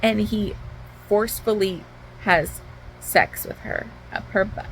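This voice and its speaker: A woman's voice: mid-range voice, slow pace, slight background noise, rough recording. A woman book vlogger at home, giving a candid, heated retelling of a novel in a casual reading vlog, with lots of "like.".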